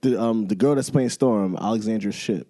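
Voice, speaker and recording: A man co-hosting a podcast in casual studio chat, laid-back and quick to laugh, prodding with questions. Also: fairly low pitch, dark tone. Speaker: podcast co-host.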